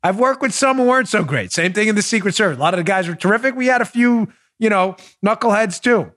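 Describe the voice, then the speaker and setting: A man's voice: sits high, lively intonation, quick pace, a bit bright. A man in his forties hosting a political commentary podcast, bursting into incredulous exclamations and frequent laughter. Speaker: podcast host.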